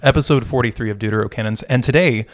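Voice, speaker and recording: A man's voice: medium pitch, fast talker. A middle-aged man co-hosting a podcast, chatting casually and joking, rambling with restarts. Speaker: podcast co-host.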